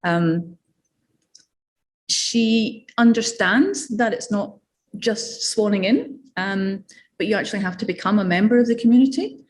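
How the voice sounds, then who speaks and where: A woman's voice: medium pitch, measured pace. A woman with a Scottish accent giving an academic seminar talk in a conversational way, with fillers and asides. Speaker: academic lecturer.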